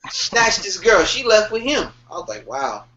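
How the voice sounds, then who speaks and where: A young man co-hosting a podcast in casual chat, animated and slangy, laughing and swearing as he tells stories. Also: sits high, slow. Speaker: podcast co-host. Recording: dull lo-fi podcast audio.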